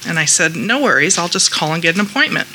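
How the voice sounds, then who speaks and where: Bright-voiced woman sharing at a meeting. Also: fairly low pitch, fast talker, slight background noise, poor audio. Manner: chatty, animated retelling with quoted voices. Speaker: group member sharing. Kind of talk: personal share at a support meeting.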